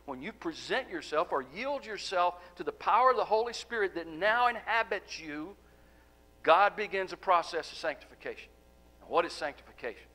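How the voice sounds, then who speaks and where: A man preaching a sermon as pastor, asking the congregation rhetorical questions and letting key words fall soft. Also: high-pitched, lively intonation, normal speed, rough recording. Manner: emphatic, rhetorical questions, drops to soft endings.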